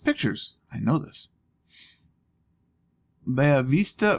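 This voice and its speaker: A man's voice: mid-range voice, wildly swooping pitch, drawn-out words, creaky, pauses often, fairly bright tone. A man hosting a let's play, casually thinking aloud with wry asides as he plays. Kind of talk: casual gameplay commentary.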